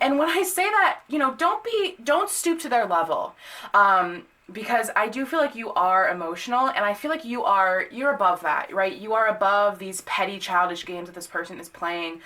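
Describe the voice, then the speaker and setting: A young woman talks through a tarot reading in a loose, conversational way, full of ums and restarts. Her voice is bright and clear, and she gets blunt and sweary when something bothers her. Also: lowish voice. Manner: chatty, many fillers, blunt and swearing when annoyed. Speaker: tarot reader. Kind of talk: casual tarot reading to camera.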